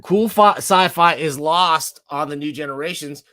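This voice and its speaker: A man in his thirties co-hosting a podcast, chatting with enthusiasm and pausing on fillers as he searches for words. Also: on the high side. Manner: enthusiastic, animated, hesitant fillers. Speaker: podcast co-host. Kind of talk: casual chat.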